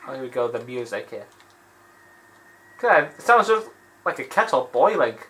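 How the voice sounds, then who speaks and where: Animated, rambling male gamer. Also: mid-range voice, normal speed, a little hiss or hum, poor audio. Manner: rambling, animated, laughing often. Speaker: let's play host. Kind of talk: gaming commentary.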